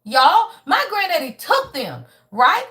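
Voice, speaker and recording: A high-pitched woman gives a live tarot reading. She is blunt and profane, preaches at her viewers, and keeps coming back to "y'all" and "right?" as she talks. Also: huge pitch swings, takes it slowly, sharp tone. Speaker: tarot reader. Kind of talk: live spiritual reading, casual chat.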